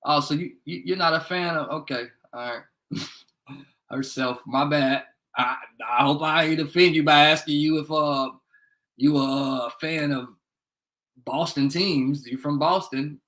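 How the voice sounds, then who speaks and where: A young livestream host from Indiana, speaking from his bedroom, has a voice on the high side that is bright and forceful, a little slow, with fairly even intonation. He rambles, swears freely, and calls out viewers by name, all in a rough recording.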